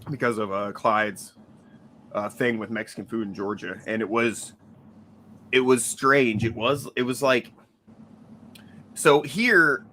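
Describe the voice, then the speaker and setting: Rambling man with a lower voice. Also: sharp tone, slight background noise. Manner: rambling, heavy use of "like", laughs often. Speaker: podcast co-host. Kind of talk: casual chat.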